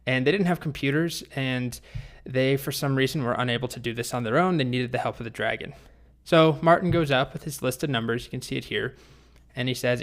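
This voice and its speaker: A man teaching a programming lesson, telling a story in a relaxed, conversational way with small restarts. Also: mid-range voice, a little fast. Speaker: programming instructor. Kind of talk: recorded course lesson with a story.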